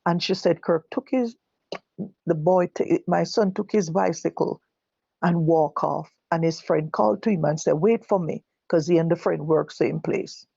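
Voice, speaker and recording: An older Jamaican woman giving personal testimony, halting and correcting herself as she recalls what others said. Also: lowish voice, gravelly, mellow, breathy edge, dry recording, lo-fi sound. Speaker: guest telling her own story. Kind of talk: personal testimony told live.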